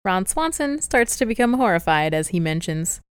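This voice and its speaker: A woman's voice: mid-range voice, very animated, moderate pace, clear, resonant tone, no room sound. A woman co-hosting a casual podcast at home, chatting and recapping a TV show, laughing often. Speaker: podcast co-host. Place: home, with a cat.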